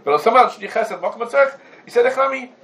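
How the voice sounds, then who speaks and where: A man's voice: high-pitched, expressive, very fast, a bit bright, rough recording. A man teaching a religious law class to students, laying out cases through rhetorical questions and Hebrew terms mixed into English. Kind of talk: Talmudic law lesson.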